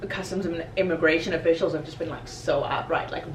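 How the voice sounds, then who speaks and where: A woman from South Africa chatting casually in a hotel lobby, expressive as she tells her stories. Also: sits low, fast talker, a crowd in the background. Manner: expressive, laughs while telling stories. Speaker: discussion guest. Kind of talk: casual chat. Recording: roomy echo, distant mic, faint noise.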